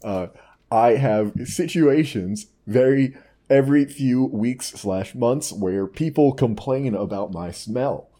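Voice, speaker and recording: A man's voice: mid-range voice, slow pace, warm tone. A man co-hosting a comedy podcast, reading online posts aloud and riffing on them with dry wit. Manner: dry, wry, reads quotes aloud in a mock voice. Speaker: podcast co-host.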